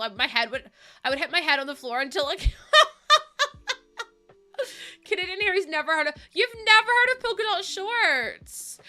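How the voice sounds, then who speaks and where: A woman's voice: high-pitched, pushed and bright. A young woman live streaming, chatty and giggly as she greets viewers, sounding sniffly and close to tears. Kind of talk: casual live-stream chat.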